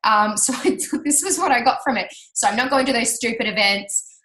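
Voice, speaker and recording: A woman telling a personal story to an audience, chatty and animated, laughing often and acting out what people said. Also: on the high side, brisk. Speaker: speaker sharing her business success story. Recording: roomy hall reverb.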